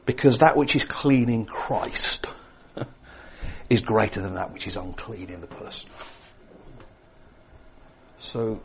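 A man preaching a sermon, swinging between emphatic lines and hushed, quiet ones. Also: lowish voice, slow, gravelly, pauses often, a little hiss or hum.

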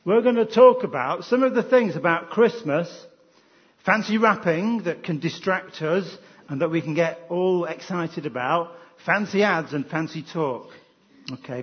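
A man leading a playful Christmas children's talk in church, lively and animated. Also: on the high side, husky, dull audio. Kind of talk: Christmas family service talk.

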